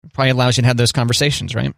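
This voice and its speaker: A man's voice: medium pitch, steady tone, rapid-fire, vocal fry, a bit bright, no echo. Joking man on a dry close mic. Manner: joking, playful. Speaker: podcast co-host. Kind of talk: casual chat.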